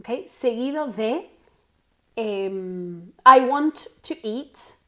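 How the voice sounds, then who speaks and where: An Australian woman leads an online English lesson for Spanish speakers. Her voice sits a little high, and she explains patiently. She keeps checking in with "okay?" and slips into Spanish. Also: expressive, slow pace, pushed and bright. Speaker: English teacher.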